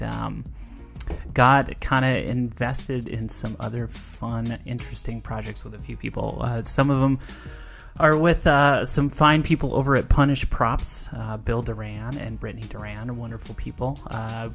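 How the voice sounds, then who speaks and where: A woman's voice: extremely low pitch, creaky. A woman talking as a guest on a podcast, casual and rambling, laughing often and trailing off mid-sentence. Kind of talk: casual chat.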